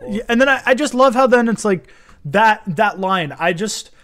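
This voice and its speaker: A young man talks through a homemade film in a loose, rambling way. He laughs often and fills his sentences with "like." His voice sits a little high for a man. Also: animated, moderate pace, a bit bright. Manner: giggly, rambling, lots of "like". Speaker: filmmaker giving commentary. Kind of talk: casual film commentary chat.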